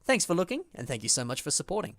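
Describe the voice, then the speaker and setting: A woman giving a casual video message to viewers in a friendly, thankful tone. Her voice is fairly low with lively pitch, recorded dry and close. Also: racing, dry recording.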